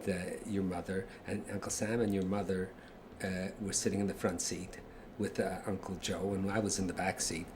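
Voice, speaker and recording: An older man reminiscing about family, telling stories in a halting way with chuckles. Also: deep voice, noisy background. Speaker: family storyteller. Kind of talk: casual reminiscing.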